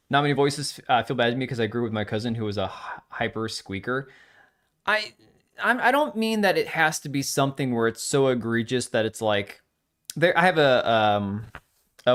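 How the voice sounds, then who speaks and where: A man's voice: medium pitch, fairly bright tone. Blunt rambling man hosting a livestream. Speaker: streamer host. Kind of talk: live-stream commentary.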